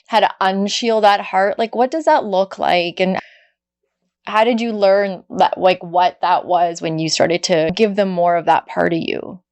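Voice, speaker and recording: A woman's voice: mid-range voice, clean tone. A woman hosting a podcast interview, asking questions in an empathetic, emotional way. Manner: warm and empathetic, gets emotional. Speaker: podcast host.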